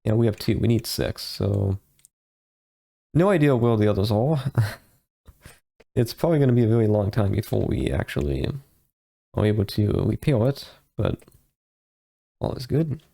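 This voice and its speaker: A man's voice: fairly low pitch, animated, moderate pace, creaky, pauses often, mellow. A man giving casual, rambling commentary while playing a game, with frequent hesitations and restarts. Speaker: let's play host.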